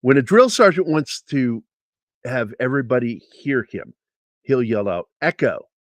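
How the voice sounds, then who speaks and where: Brief: male guest artist telling a story, lively and conversational, dry mic. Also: mid-range voice, moderate pace, no echo. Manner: anecdotal, with restarts and profanity. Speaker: guest comic book artist. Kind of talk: casual storytelling. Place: livestream interview.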